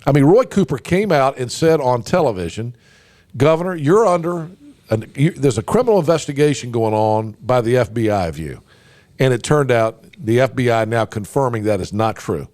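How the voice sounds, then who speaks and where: A man's voice: mid-range voice, expressive, brisk, darkish tone, dry recording. A man hosting a political talk radio show, emphatic and folksy, with lots of fillers and restarts. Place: radio studio. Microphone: studio microphone.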